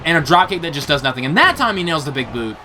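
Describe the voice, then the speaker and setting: A young man giving excited play-by-play commentary on a wrestling match, reacting with gasps and laughs. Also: on the high side, quick pace, a little hiss or hum. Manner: animated, gasping "oh no" reactions, laughs often. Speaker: play-by-play commentator for a video game wrestling show.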